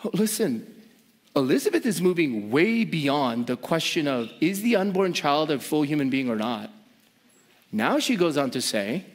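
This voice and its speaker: A male pastor delivers a sermon in a high, emphatic voice. He drives his points home by repeating words and firing rhetorical questions at his listeners. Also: very animated, moderate pace.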